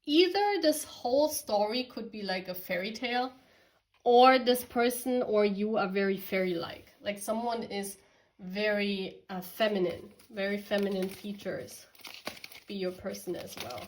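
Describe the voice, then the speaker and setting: A woman's voice: mid-range voice, unhurried, rough recording. A woman from Germany giving a casual tarot reading, chatty and giggly, talking straight to her viewers. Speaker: tarot reader.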